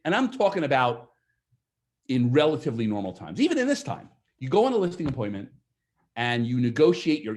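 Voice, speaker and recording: A man giving a lively seminar talk to an audience of agents, asking them questions and acting out what clients say. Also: medium pitch. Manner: energetic, asks the audience questions, acts out quoted clients. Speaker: real estate sales trainer.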